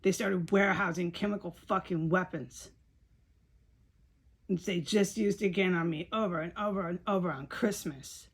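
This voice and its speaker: Frustrated woman with a lowish voice, rambling straight to camera and swearing. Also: normal speed, breathy edge. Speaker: video blogger.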